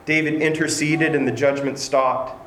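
A man's voice: fairly high pitch, little pitch movement, moderate pace, a bit bright. A man preaching a sermon in an earnest, conversational way, building to emphatic points. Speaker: pastor. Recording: echoey room with faint noise.

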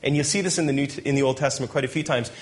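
This male pastor speaks rapid-fire at a medium pitch with fairly even intonation. His sermon mixes Bible reading with playful asides and bursts of laughter.

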